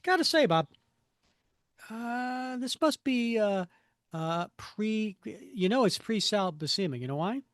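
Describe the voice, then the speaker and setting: Dry-sounding slow-talking man podcaster. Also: high-pitched, lively intonation, dry recording. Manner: descriptive, enthusiastic, with dramatic readings. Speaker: podcast co-host. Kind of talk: comic book discussion, reading panels aloud.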